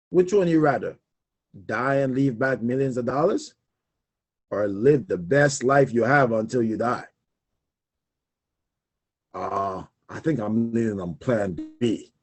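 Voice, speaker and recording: With a mid-range voice and a darkish tone, a young man talks casually and solo about money on his personal finance talk show. He's animated and emphatic, often laughing and going back over key points.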